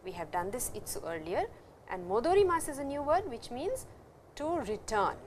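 Lively high-voiced woman teacher. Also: normal speed, slight background noise. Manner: patient, explanatory, repeats key words. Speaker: Japanese language teacher. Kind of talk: recorded classroom lecture.

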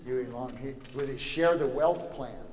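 A man from Louisiana lectures at a summer seminar, telling anecdotes in a wry, joking way and dropping frequent "you know" asides. His voice is mid-range and darkish, and he keeps a measured pace. The lecture hall echoes, with faint noise in the background.

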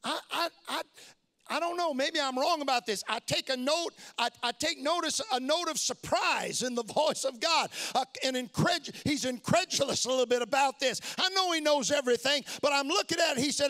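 Middle-aged male pastor, high ringing voice; hushed lows, shouted peaks, repetition. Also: moderate pace. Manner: swings from hushed low asides to shouted emphasis; repeats phrases for emphasis. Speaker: preacher. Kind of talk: sermon.

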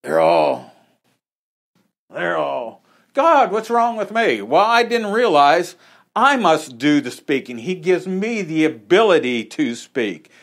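A man's voice: on the high side, big pitch swings, slow pace, gravelly. A man preaching an informal, conversational sermon in a small church, with folksy asides. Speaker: pastor.

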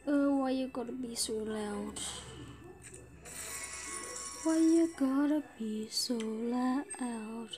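A woman giving gameplay commentary, often dropping to a whisper and breaking into excited bursts. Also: on the high side, drawn-out words, pauses often, soft background music. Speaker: gamer.

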